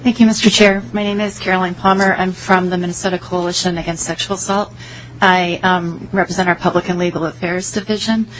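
A woman representing an advocacy group, giving earnest, measured testimony to a legislative committee. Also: fairly low pitch, fairly even intonation, a little hiss or hum, poor audio.

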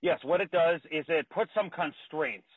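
A man, a state legislator, presenting a bill over a phone call from outdoors, out of breath and talking haltingly with many fillers and restarts. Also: on the high side, slightly rough, no echo. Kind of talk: remote committee testimony. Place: outdoors near a car. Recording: tinny dry phone line.

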